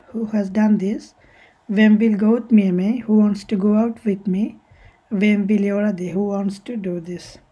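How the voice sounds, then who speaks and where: A woman's voice: mid-range voice, warm tone, husky, rough recording. A woman teaching a language lesson step by step, patiently repeating each example and translating it, sometimes correcting herself.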